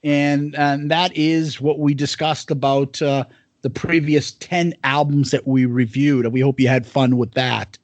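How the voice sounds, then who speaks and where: A man's voice: mid-range voice, flat delivery, a little slow, no echo, lo-fi sound. A man co-hosting a podcast in loose, rambling casual chat full of fillers. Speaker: podcast co-host.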